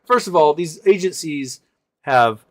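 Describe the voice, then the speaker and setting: A man's voice: a little high, animated, measured pace. Sarcastic rambling man. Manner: sarcastic, rambling with many fillers and restarts. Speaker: livestream host. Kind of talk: casual live chat reading viewer comments.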